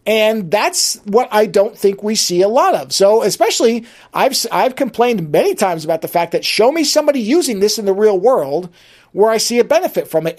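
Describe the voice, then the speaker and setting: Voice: mid-range voice, darkish tone. Chatty podcast host thinking aloud. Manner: conversational, thinking aloud with frequent restarts. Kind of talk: solo daily podcast monologue.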